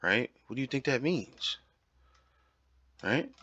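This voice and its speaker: A man's voice: medium pitch, big pitch swings, slow pace, sharp tone, husky, highs cut off. A man giving an informal Bible teaching, talking emphatically and repeating his points, often checking in with "right?". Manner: emphatic, repetitive, keeps asking "right?".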